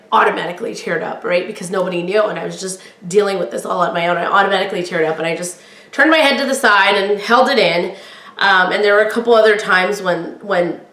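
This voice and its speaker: A middle-aged woman hosting a podcast, telling a personal story in a candid, chatty way with a loud, projecting voice. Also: mid-range voice, roomy sound. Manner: candid, chatty, quotes others in lively voices. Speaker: podcast host.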